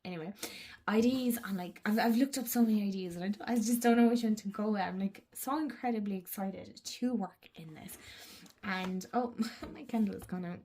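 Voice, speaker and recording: A woman's voice: mid-range voice, brisk, warm tone. A woman chatting casually to camera, rambling and giggling, slipping into whispers. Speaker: journaling channel host.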